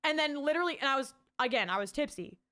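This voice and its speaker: A woman's voice: sits high, animated, quick pace, pushed and bright. A young adult woman, streaming and chatting casually, bubbly and rambling as she thanks her chat.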